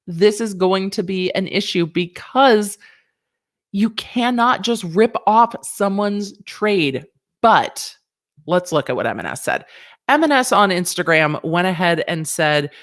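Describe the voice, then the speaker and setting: A woman's voice: lowish voice, animated, slow pace. A woman lawyer, giving sassy, playful reaction commentary on a news story, close to a desk mic. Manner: sassy, playful, chatty with asides.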